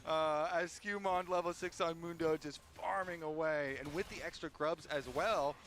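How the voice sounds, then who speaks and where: A man's voice: on the high side, fairly even intonation, moderate pace, a bit bright, a little hiss or hum. A man doing chatty, easygoing color commentary on a live esports match.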